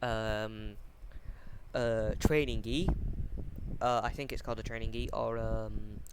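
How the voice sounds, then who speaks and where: A man's voice: fairly low pitch, steady tone, takes it slowly. Hesitant man rambling through a story. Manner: hesitant, full of ums and restarts. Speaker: fan-fiction storyteller. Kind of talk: casual rambling retelling. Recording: noisy home mic recording.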